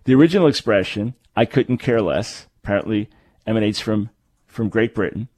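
A man's voice: fairly low pitch, normal speed, a little mellow, no echo. A man hosting a radio talk show, explaining points in an emphatic way and correcting himself as he goes. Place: radio studio. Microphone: studio microphone.

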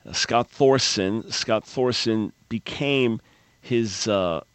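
A man's voice: on the low side, slow pace, clean tone, no echo. A man hosting a talk radio show, delivering an opinionated monologue with sarcasm and frequent stammered restarts.

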